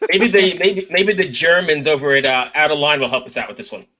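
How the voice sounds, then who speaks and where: A man co-hosting a podcast, playful and encouraging, quick to laugh. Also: a little high, bright, forceful tone, muffled recording. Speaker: podcast co-host. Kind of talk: casual podcast chat.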